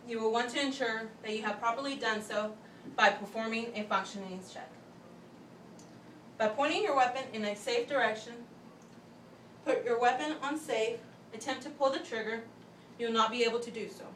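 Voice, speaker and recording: A young woman giving a step-by-step class demonstration speech, talking methodically with pauses and restarts. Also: on the high side, fairly bright tone. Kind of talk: step-by-step instructional demo. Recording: echoey room, voice from a distance, faint background hum.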